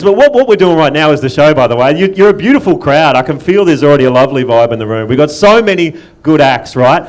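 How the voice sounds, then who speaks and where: An Australian man hosting a stand-up comedy night, loose and profane, teasing the audience and laughing between lines. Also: a little high. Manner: loose, swearing, teasing the crowd, laughing often. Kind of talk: stand-up crowd work. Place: comedy club stage.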